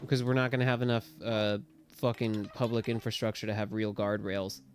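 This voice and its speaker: A man's voice: lowish voice, flat delivery, brisk, a little hiss or hum. A man giving casual, rambling gameplay commentary on a stream, joking and swearing as he plays.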